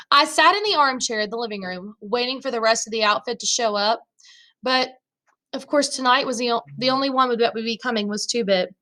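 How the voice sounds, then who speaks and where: A woman's voice: on the high side, sharp tone. A woman, a teacher, reading a novel chapter aloud in the first person, voicing the dialogue in her own voice.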